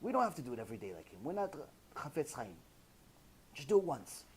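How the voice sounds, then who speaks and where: A man's voice: medium pitch, very animated, fast, a little mellow, breathy edge. A man giving a Torah lecture as a rabbi, emphatic, repeating key phrases and firing rhetorical questions.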